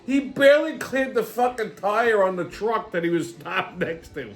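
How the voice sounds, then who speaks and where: High-voiced New man telling profane stories. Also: moderate pace, over music. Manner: profane, laughing often, rambling anecdotes. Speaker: podcast host. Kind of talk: casual storytelling monologue.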